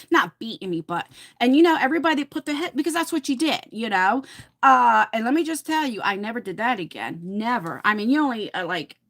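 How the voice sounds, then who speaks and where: A woman's voice: a little high, a bit bright. A middle-aged woman from New Jersey hosting a livestream, chatting casually and reading out viewer comments, rambling with lots of fillers and restarts. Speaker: livestream host.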